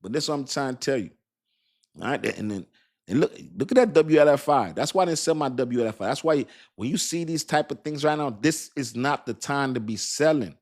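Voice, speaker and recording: A man's voice: medium pitch, lively intonation, a little fast. Hyped-up man talking to his chat. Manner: emphatic, repetitive, talks straight to viewers with "y'all" and "you understand"; laughs and jokes about his own accent. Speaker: crypto streamer. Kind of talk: casual hype commentary to a live chat.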